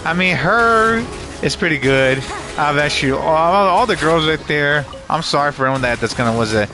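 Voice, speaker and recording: A man's voice: on the high side, lively intonation, normal speed. A man livestreaming a game on a headset mic, chatting casually with viewers in a rambling, self-correcting way, with frequent swearing and laughter. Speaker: gaming livestreamer. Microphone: gaming headset.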